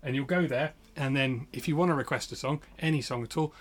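Husky-voiced male podcast co-host, rambling joking storyteller, chatting at home. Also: mid-range voice, fairly quick. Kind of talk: casual chat.

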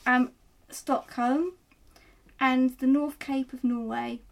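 High-voiced woman, deadpan wry asides. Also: slow pace, vocal fry. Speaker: podcast co-host. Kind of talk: casual comedic chat.

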